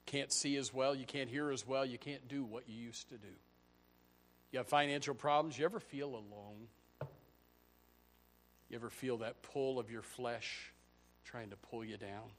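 A man preaching a sermon as a pastor, firing off rhetorical questions and swinging between hushed lines and loud, shouted peaks. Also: medium pitch.

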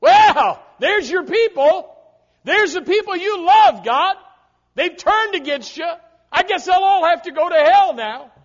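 A man voicing a mocking male devil who gloats loudly at God. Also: lively intonation, unhurried. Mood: gloating. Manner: taunting, loud and high. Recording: dull lo-fi recording.

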